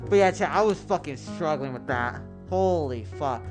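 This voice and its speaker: A man's voice: fairly high pitch, lively intonation, moderate pace. A man livestreaming and chatting casually with his viewers, rambling, swearing and stumbling over words. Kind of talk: casual chat with stream viewers. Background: background music.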